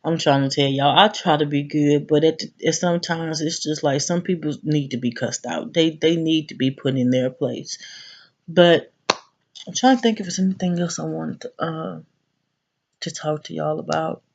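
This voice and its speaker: A woman's voice: low voice, steady tone, normal speed. Woman, 30s, vlogger, blunt profane rant, talks to camera, muffled lo-fi sound. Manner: brash, profane, addresses viewers directly. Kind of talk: casual ranting vlog.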